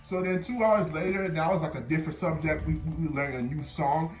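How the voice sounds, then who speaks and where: A young man telling a casual storytime, animated and stammering, with sudden loud bursts as he recounts. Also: on the high side, fairly quick. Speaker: vlogger. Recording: roomy echo with faint music.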